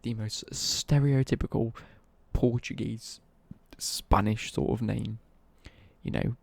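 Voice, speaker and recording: A man's voice: medium pitch, steady tone, takes it slowly, vocal fry, darkish tone, slightly rough, no echo. A man live-streaming a football game and chatting cheekily with viewers, reading their messages out and joking back. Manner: cheeky, jokey banter, reads out chat messages.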